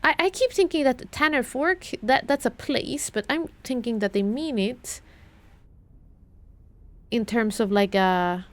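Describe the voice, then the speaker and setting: A woman's voice: fairly high pitch, a little slow, dry recording. A young British woman streaming a puzzle game, muttering and thinking aloud as she repeats clues to herself.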